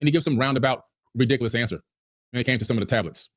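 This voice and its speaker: Rapid-fire indignant man. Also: mid-range voice, fairly bright tone. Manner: heated, indignant. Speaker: podcast guest. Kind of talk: agitated podcast rant.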